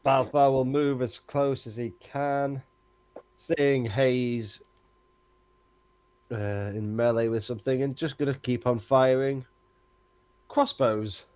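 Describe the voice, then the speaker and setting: A man playing a tabletop game, his voice sitting at an ordinary mid pitch. He cracks jokes and walks the others through the rules without hurry. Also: steady tone, takes it slowly, pauses often, a little mellow, clean tone. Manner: joking, explains rules patiently. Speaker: player.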